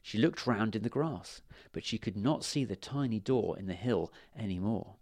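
A man reading fairy tales aloud to children in a lively, expressive way. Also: fairly low pitch, normal speed, few pauses, dry recording, clean studio sound. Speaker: storyteller.

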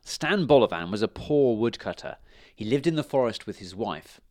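Man reading a children's story, expressive, lively rising and falling voice, dry close sound. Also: lowish voice, no echo. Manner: expressive, dramatic pauses.

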